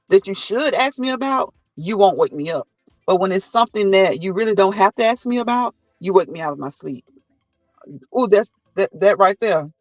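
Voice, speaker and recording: High-voiced and recorded lo-fi without room sound, this man hosts a relaxed live chat. He laughs frequently while spinning lively stories and acting out what people told him.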